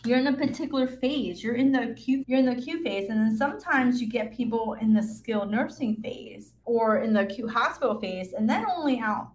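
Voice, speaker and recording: A woman who works as an occupational therapist, giving candid career advice in a frank, emotional way and swearing now and then. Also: on the high side. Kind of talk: candid unscripted advice talk.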